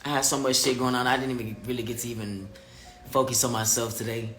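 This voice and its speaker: A man's voice: mid-range voice, level tone, quick pace, a bit bright, reverberant, soft background music. A man livestreaming casual chat to his viewers and reading their comments, candid, profane and emphatic. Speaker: vlogger talking live to viewers.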